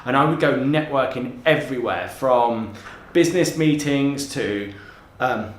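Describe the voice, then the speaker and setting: A transformational coach speaks straight to camera, offering advice with energy and emphasis and often repeating words. His mid-range voice is expressive and unhurried, and the sound is reverberant.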